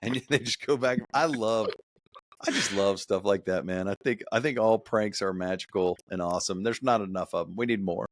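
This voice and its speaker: A man hosting a casual podcast chat, enthusiastic and quick to laugh. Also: lowish voice. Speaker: podcast host.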